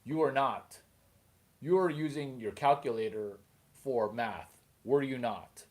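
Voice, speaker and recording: A man voicing a strict, suspicious middle-aged father who scolds his son in rapid, shrill questions. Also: natural voice. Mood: scolding.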